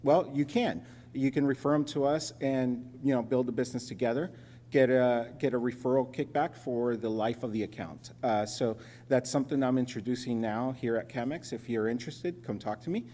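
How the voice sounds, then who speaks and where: A man from Los Angeles presenting at a conference, telling a joking story in an animated way. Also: medium pitch, normal speed. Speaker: sponsor presenter. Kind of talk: conference talk with anecdote. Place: conference hall. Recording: reverberant conference hall.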